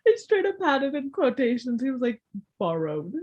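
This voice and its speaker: Lively young woman chatting about books. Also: high-pitched, brisk, lo-fi sound. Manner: animated, laughs often, acts out quotes. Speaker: podcast co-host. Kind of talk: casual book discussion.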